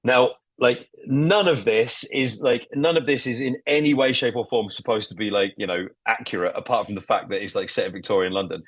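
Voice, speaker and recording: Excited man in casual podcast chat. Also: fairly low pitch, a little fast, few pauses, no echo. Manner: enthusiastic, swearing, acting out scenes. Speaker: podcast co-host.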